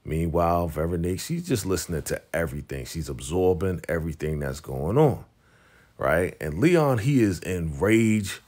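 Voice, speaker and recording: A man with a fairly low voice runs through a TV episode recap. He talks casually and loosely, full of slang and fillers, and slips into the characters' lines as he goes. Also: expressive, normal speed, darkish tone. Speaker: TV recap reviewer.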